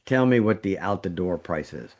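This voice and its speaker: This middle-aged trauma surgeon, a podcast co-host, has a deep, slightly mellow voice that is expressive at a moderate pace. Telling a story in easygoing chat, he sounds higher whenever he turns indignant.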